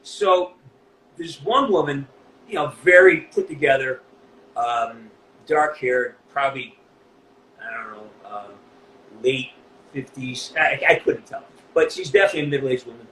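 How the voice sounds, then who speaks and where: A man's voice: mid-range voice, animated, measured pace, pauses often, a bit bright. A man who voices a game character, telling an emotional story in a casual interview, swearing freely and restarting often. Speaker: voice actor guest. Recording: echoey room with faint background noise.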